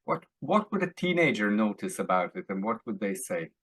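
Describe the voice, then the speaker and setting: A man's voice: fairly low pitch, sing-song, fairly quick, fairly bright tone, breathy edge, no echo. A man teaching an online drama workshop, hesitant, with many fillers and restarts.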